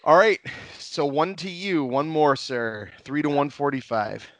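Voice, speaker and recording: A man hosting a casual podcast, relaxed and laughing often, with plenty of fillers. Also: fairly high pitch, unhurried, no echo. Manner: laid-back, laughs often, many fillers. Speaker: podcast host.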